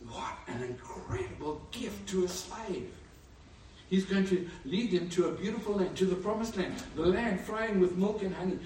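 A man preaching a sermon with animated storytelling, who lives in Africa. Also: high-pitched, normal speed, slight background noise. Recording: echoey room, far from mic.

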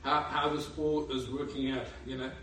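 A man preaching a sermon with animated storytelling, who lives in Africa. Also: mid-range voice, moderate pace, slight background noise. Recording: echoey room, far from mic.

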